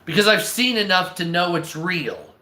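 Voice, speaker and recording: A man ranting casually on a live stream, swearing often, stammering and clearing his throat. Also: high voice, very animated, moderate pace, pushed and bright, echoey room. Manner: profane, exasperated, restarts and stammers.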